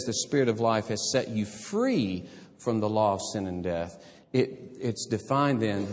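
A man preaching a sermon as pastor, animated and conversational, with humorous asides. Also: medium pitch, in a large hall.

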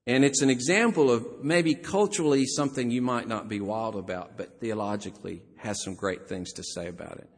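A man preaching a sermon as a pastor, lively with joking asides and chuckles. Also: medium pitch, a little fast, few pauses. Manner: animated, joking asides with laughs. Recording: long hall reverb.

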